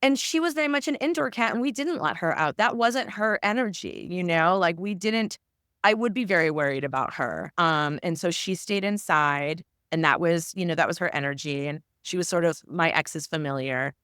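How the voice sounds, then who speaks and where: A woman's voice: fairly low pitch, normal speed, fairly bright tone, clean tone, dry recording, clean studio sound. A woman guest, an author and tarot reader, talking earnestly and reflectively in a casual interview, with frequent fillers.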